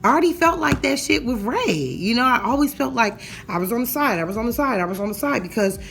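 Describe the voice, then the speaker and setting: A woman's voice: a little high, expressive, fast, creaky, fairly bright tone, slight background noise. Blunt, profane woman ranting. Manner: blunt, profane, heated and emphatic. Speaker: vlogger. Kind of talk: ranting storytime vlog.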